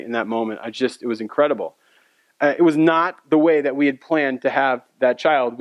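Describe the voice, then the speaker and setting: A pastor delivering a sermon in a loose, storytelling way, chatting with the congregation as he goes. His voice sits high for a man and sounds dry and close, with almost no room around it. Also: no room sound, dull audio. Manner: storytelling, conversational with audience asides.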